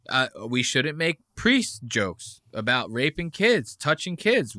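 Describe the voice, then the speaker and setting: Bright, dry-voiced man ranting casually. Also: mid-range voice, no echo. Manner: rambling, profane, heavy with "like". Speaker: podcast host. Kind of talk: casual commentary on clips.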